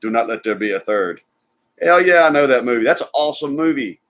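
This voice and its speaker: A man's voice: medium pitch, lively intonation, a little fast, fairly bright tone. A man, co-hosting a live stream and chatting casually about movies while reading viewer comments.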